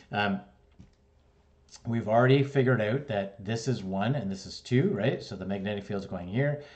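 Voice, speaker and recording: A middle-aged man from Canada teaching electrical wiring in a casual, conversational way, checking in with "right?" and "okay?" as he explains each step. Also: fairly low pitch. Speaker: electrical instructor. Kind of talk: casual classroom lesson.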